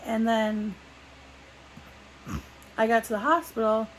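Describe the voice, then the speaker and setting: A woman's voice: on the high side, slow pace, slight background noise, low-quality recording. A young adult woman telling a personal story in a casual sit-down vlog, rambling with lots of "like" and restarts. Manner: rambling, full of "like" fillers and restarts. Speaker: vlogger.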